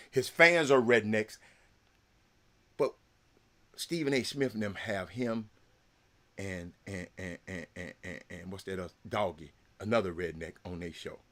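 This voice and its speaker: A man's voice: on the low side, fairly bright tone. A man, hosting a casual talk show and rambling to his viewers with lots of repeated words. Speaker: sports talk show host.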